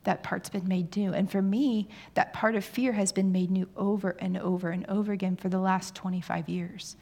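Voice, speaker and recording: Candid woman preaching with animated stories. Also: mid-range voice, normal speed, creaky. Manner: candid, self-deprecating, animated storytelling. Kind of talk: sermon.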